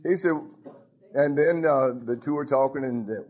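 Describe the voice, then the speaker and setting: Male preacher, sermon, conversational and teasing, slightly high voice, muffled lo-fi recording. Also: big pitch swings, normal speed, slightly rough. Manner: conversational and teasing, with frequent laughs and asides. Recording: dull lo-fi recording.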